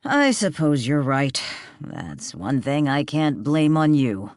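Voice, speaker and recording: Narrator voicing a grumpy sarcastic guy who snaps at everyone, slow but lively. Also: medium pitch, no room sound, studio quality. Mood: irritated. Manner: snapping, sarcastic. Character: irritable bitter man, curt and scornful.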